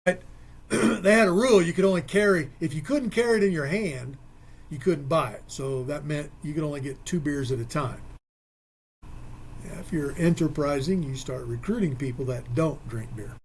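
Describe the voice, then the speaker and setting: A man's voice: fairly high pitch, moderate pace, slight background noise. A man hosting a radio sports talk show, casual and joking, telling stories and working things out aloud. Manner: joking, storytelling, thinks aloud with math.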